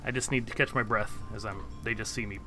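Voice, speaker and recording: Male tabletop player, low voice, hesitant, music clearly audible behind. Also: fairly even intonation, fast. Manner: hesitant, speaks his actions aloud. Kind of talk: casual in-character tabletop play.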